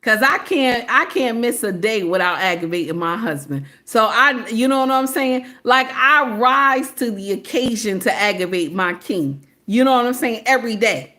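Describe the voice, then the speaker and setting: A woman's voice: fairly high pitch, moderate pace, few pauses, bright, forceful tone. A woman in her forties with a Southern US accent, talking casually and preachily on a livestream and calling her viewers "baby". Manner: preachy, sassy, talks straight to viewers with "baby" and "okay?". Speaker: livestream host.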